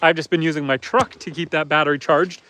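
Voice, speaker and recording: Man, higher-pitched voice, casual live-stream chat, outdoors on a farm, explains as he works. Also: steady tone, quick pace, pushed and bright. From Canada. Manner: chatty, explains as he works, coaxes animals. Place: outdoors on a farm near a truck and pigs.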